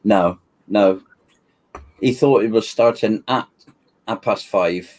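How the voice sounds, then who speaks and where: A man's voice: lowish voice, slow, a little mellow. An older man, co-hosting a live chat with his son and giving brief, dry replies. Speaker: co-host, the host's father. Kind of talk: casual chat.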